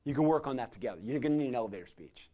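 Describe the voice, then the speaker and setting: A middle-aged man, a secular humanist chaplain, telling stories in a sermon-style talk to a community gathering, swinging from loud to quiet. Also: mid-range voice, rapid-fire. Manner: animated storyteller who swings from loud chanting to quiet intensity.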